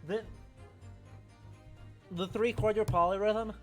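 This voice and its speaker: A woman's voice: mid-range voice, fairly even intonation, slow pace, soft background music. A woman streamer making chatty, wry asides while playing through a story game. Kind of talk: casual game playthrough commentary.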